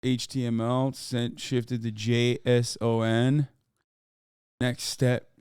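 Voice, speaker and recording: A man's voice: mid-range voice, little pitch movement, slow, darkish tone, smooth, no room sound. A man streaming live, reacting casually on a close mic in a profane, incredulous, off-the-cuff way.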